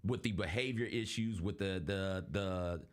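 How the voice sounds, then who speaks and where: A man's voice: sits low, unhurried. A young adult man hosting a casual sports talk show, telling stories in an earnest way and acting out the people he quotes. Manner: earnest, storytelling, acts out quoted voices. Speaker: podcast host.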